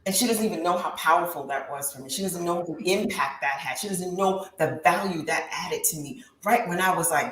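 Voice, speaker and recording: A woman's voice: lowish voice, brisk, few pauses, a bit bright. A woman in her thirties giving an impassioned testimony in an interview, with a preacher-like rise and fall. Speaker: guest talk show host. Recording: roomy echo with faint background hiss.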